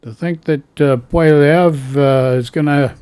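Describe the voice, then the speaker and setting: A man's voice: fairly high pitch, measured pace, mellow. A man ranting bluntly about politics in an exasperated tone. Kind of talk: casual political rant.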